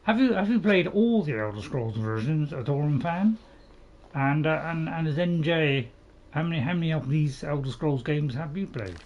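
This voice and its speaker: A man's voice: a little high, animated, moderate pace, dull audio, a little hiss or hum. A man hosting a casual let's-play, rambling and chatting to his viewers as he plays. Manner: rambling, self-admitted waffler; chatty, talks to viewers in chat. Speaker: gaming channel host.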